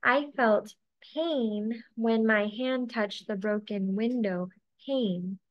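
A woman narrating a scripted lesson, speaking slowly and enunciating each drill word carefully. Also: on the high side, dull audio.

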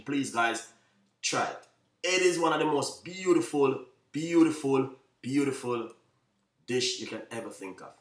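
Jamaican male chef hosting a live stream, quick and repetitive, heard from a distance in a roomy space. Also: medium pitch, a bit bright. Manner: repetitive, keeps saying "you know what I mean"; talks fast, by his own account. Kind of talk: live stream chat to viewers.

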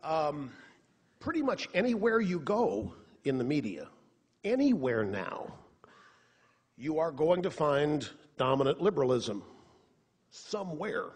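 Husky-voiced man with a lively delivery. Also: fairly high pitch, measured pace, long pauses. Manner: animated, sarcastic, rhetorical. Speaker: radio talk show host on stage. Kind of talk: live political monologue. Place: theater stage before an audience. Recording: long reverb of a theater hall.

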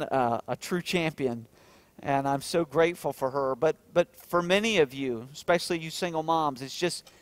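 A male pastor delivers a heartfelt sermon in a voice pitched a little above most men's. He swings from earnest, emphatic climbs to hushed, tender lines. The sound is dry and close, with no room around it. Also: dry recording. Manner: earnest, rising to emphatic peaks then dropping soft and tender. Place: church.

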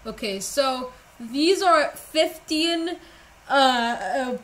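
A young woman with a raised, bright, forceful voice calls out live gameplay commentary. She jumps between excited outbursts and slangy, self-mocking jokes in a loose, casual flow. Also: sits high, extremely slow, a little hiss or hum, rough recording. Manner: jumpy, joking, self-mocking. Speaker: game streamer.

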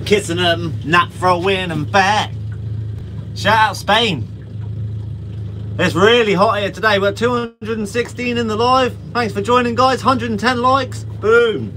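High-voiced guy livestreaming from a fishing boat, chatty, engine rumbling loud behind. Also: measured pace, noisy background. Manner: chatty, reads out viewer comments, friendly slang. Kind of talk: casual live-stream chat with viewers. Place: outdoors on a small fishing boat. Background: boat engine and water.

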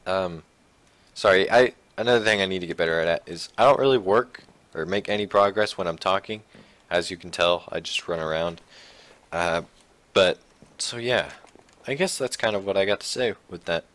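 Young male let's-play host, lowish voice, rambling casual game commentary from his desk at home. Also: moderate pace, dry recording. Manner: rambling, self-correcting, low-key with sudden excited outbursts. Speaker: gaming channel host.

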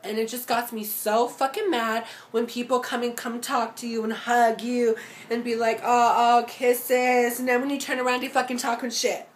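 A woman's voice: a little high, flat delivery, normal speed, slight background noise. A young adult woman ranting to the camera in a casual vlog, sassy and profane, talking straight to her viewers and mocking other people's voices. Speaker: vlogger.

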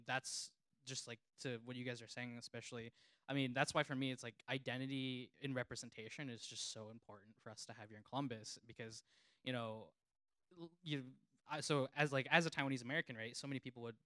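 A man's voice: medium pitch, fast, pushed and bright, no room sound. A man who works as a reporter, speaking on a panel in an earnest, rambling way that is full of fillers. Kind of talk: panel discussion.

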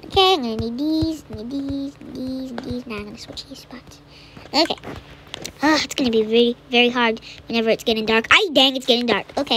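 A woman with a high-sitting, fairly bright voice chats playfully while commenting on her gameplay in casual let's-play style. She often repeats words and slips into whispered asides, with slight background noise.

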